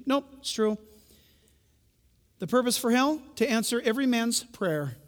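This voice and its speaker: A man preaching a sermon, telling stories with animated swings from loud bursts to hushed tones. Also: high voice, normal speed, big-room sound. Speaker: pastor.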